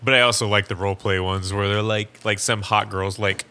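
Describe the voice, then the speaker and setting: A man's voice: on the low side, steady tone, a little fast, sharp tone, smooth. A man co-hosting a podcast, bantering, laughing easily and acting out little quotes as he tells stories. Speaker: podcast co-host. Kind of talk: casual chat.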